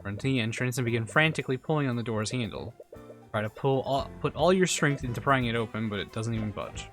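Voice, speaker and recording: A man streaming a visual novel, reading its narration aloud and adding casual, halting asides with stammered restarts. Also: mid-range voice, fairly bright tone, soft background music.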